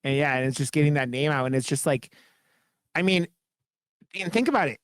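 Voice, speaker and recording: A man's voice: on the high side, fairly quick, clear, resonant tone, dry recording, studio quality. A man co-hosting a horror podcast, chatting casually in a rambling, profane, enthusiastic way. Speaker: podcast co-host.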